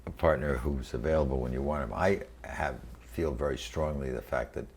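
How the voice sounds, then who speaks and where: Very deep gravelly older man. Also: a little mellow, slight background noise. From New York City. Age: 80s. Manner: halting, many fillers and restarts. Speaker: interviewee, venture capitalist. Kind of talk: oral history interview. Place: quiet room.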